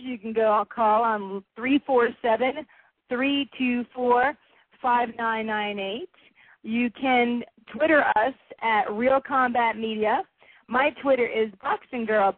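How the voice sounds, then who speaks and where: A woman hosting a boxing radio show, effusive and quick to laugh. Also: fairly high pitch, dry recording. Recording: tinny phone-like line, dry.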